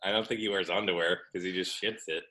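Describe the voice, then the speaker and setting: Man, podcast guest, blunt crude talk, casual chat, bright tone. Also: deep voice, fairly even intonation, quick pace.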